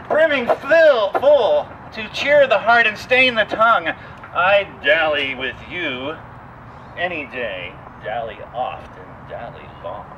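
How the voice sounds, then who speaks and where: A man's voice: high-pitched, noisy background. A man reading a comic poem aloud with theatrical flair, then talking as a guide on an outdoor tour. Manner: theatrical recitation, laughing at the verse. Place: outdoors in a cemetery.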